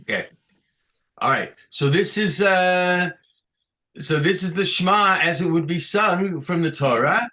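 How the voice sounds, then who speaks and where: A man teaching Torah chanting on a video call, halting with fillers and restarts, chuckling at his own jokes. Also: high-pitched, pushed and bright. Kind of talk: online lesson with sung examples.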